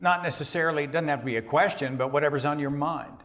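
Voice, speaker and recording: A man hosting a live stage show, introducing a guest in a relaxed, chatty way. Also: a little high, fast talker. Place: live stage before an audience.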